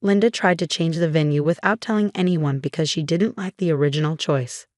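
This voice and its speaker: A woman's voice: low-pitched, a little fast, a little mellow, no room sound, studio quality, close to an everyday voice. A woman voicing a tired, regretful older father in a narrated story. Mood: weary. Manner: weary, heavy.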